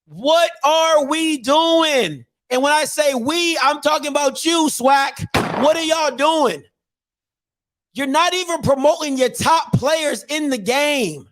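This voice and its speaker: Man, very high voice, podcast host, emphatic rant, slangy, repeats questions. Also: measured pace, fairly bright tone. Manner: casual slangy delivery with restarts. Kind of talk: opinionated commentary rant.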